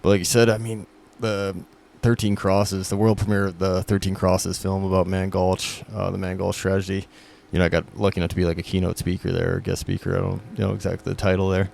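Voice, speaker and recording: A man's voice: deep voice, monotone, a little fast, gravelly, darkish tone. A male podcast host speaking reflectively in casual conversation, rambling a little and often saying "man".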